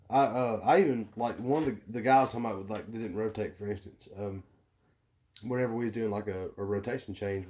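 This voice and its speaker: Profane man telling a work story. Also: on the low side. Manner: profane, animated storyteller who acts out quoted people. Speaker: podcast co-host. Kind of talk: casual storytelling chat.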